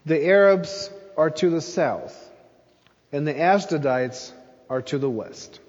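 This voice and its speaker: A man's voice: fairly high pitch, lively intonation, slow pace, in a large hall, muffled recording. A man preaching a sermon in an earnest voice, pressing hard on his key phrases. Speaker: pastor.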